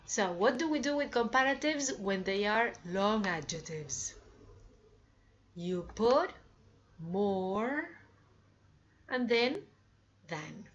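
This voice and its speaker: Slow, deliberate woman teaching English. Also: medium pitch, lively intonation, highs cut off, a little hiss or hum. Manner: slow, deliberate, asks learners rhetorical questions. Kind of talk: slow classroom explanation.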